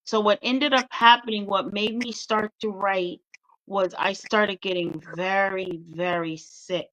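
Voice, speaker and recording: A woman, a guest author telling her own story in a candid interview, lively and full of quoted voices. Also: mid-range voice, unhurried, rough recording. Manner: animated, mimics voices in quotes.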